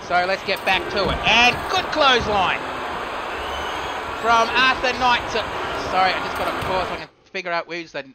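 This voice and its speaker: A man's voice: high-pitched, normal speed, bright, forceful tone, a little hiss or hum. A man with an Australian accent casually commentating a wrestling video game, chatty and self-correcting, muttering at the screen. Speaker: gaming streamer.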